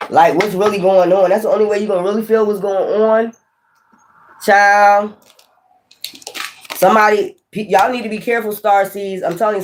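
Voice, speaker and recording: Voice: medium pitch, a little hiss or hum. Blunt, profane tarot reader. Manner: preachy, addresses viewers directly. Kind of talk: casual spiritual tarot reading.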